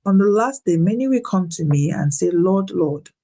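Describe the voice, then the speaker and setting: A woman shares her faith testimony in an animated, preacherly way. She repeats words when she is emphatic, and her voice leaps upward as she retells a story. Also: on the low side, normal speed. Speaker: guest speaker. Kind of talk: faith-based personal testimony.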